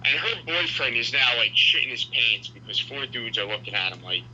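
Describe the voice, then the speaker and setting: A man telling a story in casual podcast chat, animated and profane. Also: mid-range voice, brisk, highs cut off, slight background noise. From New York.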